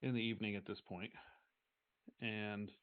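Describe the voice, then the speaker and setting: A man's voice: lowish voice, smooth. Man narrating a tabletop game over tinny audio. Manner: relaxed, halting narration with many fillers. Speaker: game master. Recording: tinny phone-like stream audio with faint music.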